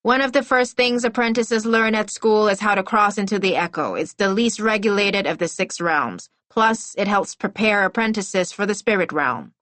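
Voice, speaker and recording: A woman's voice: mid-range voice, moderate pace, hardly any pauses, a bit bright, no echo, lightly acted. A woman voicing a haughty young girl apprentice who sounds bored and talks like an adult, in an audiobook. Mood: bored, superior. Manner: bored, superior, grown-up airs.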